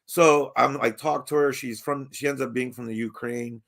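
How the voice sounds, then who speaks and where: Gravelly-voiced man telling a rambling story. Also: medium pitch, steady tone, normal speed, a bit bright. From Baltimore. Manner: rambling, profane, laughs often, many restarts. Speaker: podcast host. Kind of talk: casual storytelling chat.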